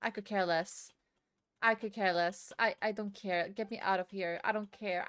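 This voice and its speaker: A woman's voice: mid-range voice, normal speed, fairly bright tone. A woman streaming a game from her room at home, ranting in exasperation, swearing and repeating herself. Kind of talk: live-streamed gameplay commentary. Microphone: desk mic at the computer.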